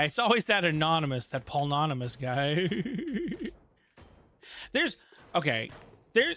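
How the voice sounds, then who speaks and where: A man's voice: on the high side, pushed and bright. Rambling, joking male streamer. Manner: rambling, joking asides to chat. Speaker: live streamer. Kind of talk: casual gaming stream chat.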